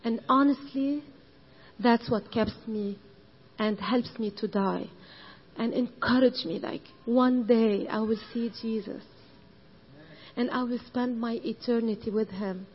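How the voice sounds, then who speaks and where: A Lebanese-accented woman, a church leader, gives her testimony in slow, deliberate English over a dull, lo-fi recording. Her voice sits fairly high and has a husky edge. She talks earnestly and repeats phrases, building them up to passionate emphasis. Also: fairly even intonation. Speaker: church leader speaking to women. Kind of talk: personal testimony sermon.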